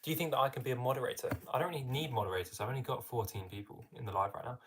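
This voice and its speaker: This young English livestream host speaks very fast in a medium, steady voice as he reads viewer comments aloud and responds casually. He's chatty, sprinkling in a friendly "mate," and there's background noise.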